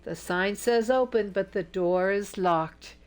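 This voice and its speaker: A woman narrator voicing an intense man who delivers news gravely. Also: medium pitch, takes it slowly, soft background music, natural voice. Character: intense man leaning on a staff.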